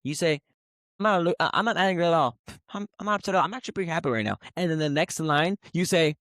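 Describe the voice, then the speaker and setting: A young man with a high, quick voice argues sports picks and keeps repeating himself to cut in and tease. The sound is dry and close, with no room around it. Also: animated, a bit bright, dry recording. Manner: fast, repetitive, talks over the other, teasing. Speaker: podcast co-host. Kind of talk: heated casual sports debate.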